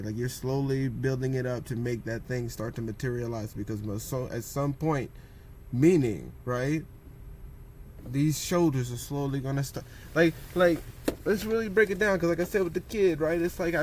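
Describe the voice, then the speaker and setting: A male vlogger with a mid-range, slightly mellow voice rambles casually about meditation and posture, often asking "you know what I'm saying" and acting out what others say. There's slight background noise.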